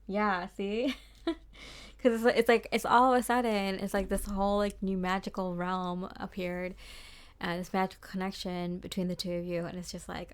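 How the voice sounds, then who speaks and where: A woman's voice: mid-range voice, flat delivery, moderate pace, clear, resonant tone. A young woman giving a casual tarot reading, rambling and chatty, with lots of fillers and small laughs. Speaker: tarot card reader.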